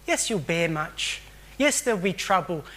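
A man voicing Jesus as a gentle, reassuring speaker who chides tenderly and speaks at an unhurried pace. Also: sits high, animated, exaggerated voice.

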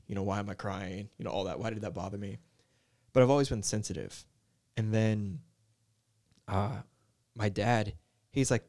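A young man, a worship leader, talking in a soft, mellow, easygoing way in a casual podcast chat, with lots of "like" and "you know". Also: on the low side. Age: young adult. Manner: soft-spoken, mellow, filler-heavy.

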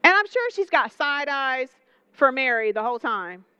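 Young woman preacher, high voice, dry and close, chatty and animated delivery with lots of questions to the crowd. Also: moderate pace, clear, resonant tone, dry recording. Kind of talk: sermon.

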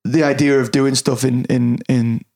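A man's voice: mid-range voice, little pitch movement, moderate pace, vocal fry, darkish tone. A man in casual conversation, candid and self-deprecating, swearing freely and restarting his sentences often. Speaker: podcast guest. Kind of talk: casual chat.

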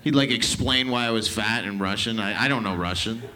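A man's voice: fairly low pitch, fairly quick, pushed and bright. A young man doing a stand-up set on a club stage with a handheld mic. He talks loose and profane, riffs with the crowd, and slips into mocking voices. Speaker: stand-up comedian.

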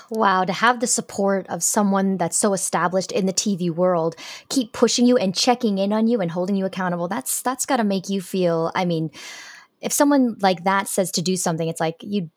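A woman's voice: medium pitch, moderate pace, no room sound, clean studio sound. A woman interviewer asking questions in an encouraging, upbeat way. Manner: encouraging, upbeat, laughs readily.

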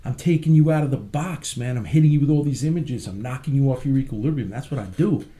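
A man being interviewed as a guest, animated and swaggering, who curses freely as he tells his stories. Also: mid-range voice, fast. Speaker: guest, country rapper. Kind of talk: casual interview storytelling.

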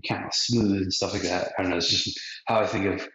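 A low-voiced man loosely recapping an episode in slangy, rambling talk. The sound is echoey and muffled, like a lo-fi podcast in a bare room. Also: fairly even intonation, brisk, fairly bright tone, soft background music. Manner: rambling and slangy, acts out quotes. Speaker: podcast host recapping an anime. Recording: roomy, dull lo-fi podcast audio.

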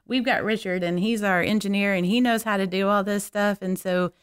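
A woman's voice: medium pitch, brisk, smooth, no room sound, clean studio sound. A woman hosting a church podcast, animatedly telling stories and acting out quotes. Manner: animated storyteller, acts out quotes. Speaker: podcast host. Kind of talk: casual storytelling chat.

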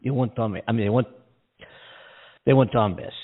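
A man's voice: medium pitch, brisk, slightly rough. A man co-hosting a radio talk show, chatting casually about the news and often losing his train of thought and laughing at himself. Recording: phone-like streaming audio.

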